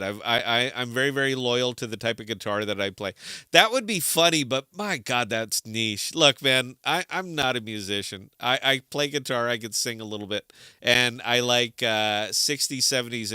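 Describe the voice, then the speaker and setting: A man co-hosting a casual livestream chat, joking and animated, sometimes sliding into rants. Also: medium pitch, clean tone, dry recording, clean studio sound. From Des Moines, Iowa. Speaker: podcast co-host.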